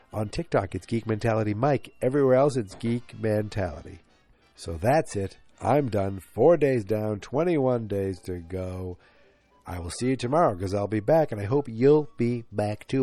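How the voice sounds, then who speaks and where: Guy with a stuffed-up nasal voice rambling on his podcast, kinda low, mellow tone, recorded on his couch with a little recorder. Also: no echo. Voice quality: nasal, congested. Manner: chatty, thinking aloud, easily sidetracked. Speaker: podcast host. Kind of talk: casual solo podcast chat. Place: living room couch at home. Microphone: handheld voice recorder.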